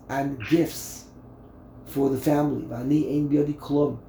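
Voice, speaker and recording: A man's voice: a little high, gravelly, warm tone, reverberant, slight background noise. A man, a rabbi, teaching a Torah class in a conversational way, asking his listeners rhetorical questions and often repeating words.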